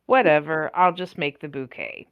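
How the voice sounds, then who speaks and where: A woman's voice: sits low, normal speed, gravelly, clean tone, highs cut off. A woman co-hosting a podcast in casual chat, reading comic dialogue aloud in a laid-back way. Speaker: podcast co-host.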